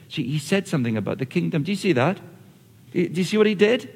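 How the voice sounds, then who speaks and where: A man preaching a lively, conversational sermon, often acting out what people say. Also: on the high side, a little fast, breathy edge. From Australia or Britain, not the audience's country. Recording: long reverb of a large hall.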